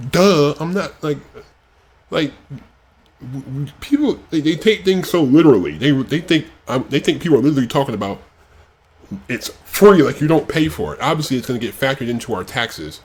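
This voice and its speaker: A man's voice: medium pitch, lively intonation, moderate pace. A man from the United States hosting a casual reaction video, ranting in an exasperated way and filling his sentences with "like". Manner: exasperated rants, many fillers like "like".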